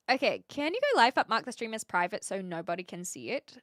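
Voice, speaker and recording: Lively, animated woman streamer chatting. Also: a little high, no echo, studio quality. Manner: chatty and thinking aloud, laughs often. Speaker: live streamer. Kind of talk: casual live-stream chat, reading chat messages.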